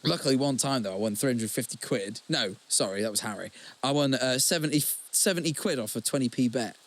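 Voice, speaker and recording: A man's voice: medium pitch, a little fast. A young man co-hosting a podcast, telling stories in casual chat with lots of swearing and repeated words. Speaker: podcast co-host.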